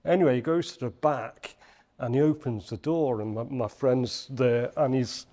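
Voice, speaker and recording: A man from Liverpool with a Liverpool accent, a podcast guest telling a lively anecdote in casual chat, acting out the people he quotes. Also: medium pitch, moderate pace. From Liverpool, England. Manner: animated anecdote-telling with acted quotes and laughs. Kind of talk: storytelling in casual interview.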